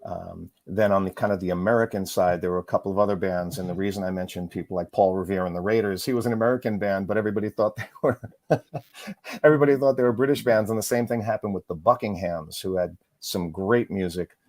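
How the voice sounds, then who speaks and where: A middle-aged man, a musician and author, chatting as an interview guest, rambling quickly through stories with lots of fillers. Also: deep voice, fairly even intonation, darkish tone, no room sound. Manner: fast, rambling storyteller with frequent fillers. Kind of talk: casual interview chat.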